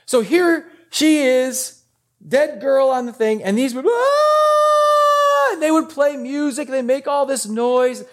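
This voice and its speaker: A man's voice: very high voice, measured pace, a little mellow. A man preaching a sermon, telling the story in a casual, conversational way and acting out the voices of the people in it. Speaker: pastor.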